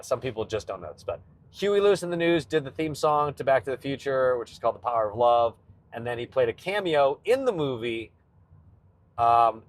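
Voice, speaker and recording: A man's voice: mid-range voice, no room sound. A male comedian hosting his own show, chatting casually and rambling about a film's guitar with nerdy enthusiasm, often cutting himself off mid-sentence. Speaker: comedian podcast host. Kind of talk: casual solo chat. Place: in a car on a road trip.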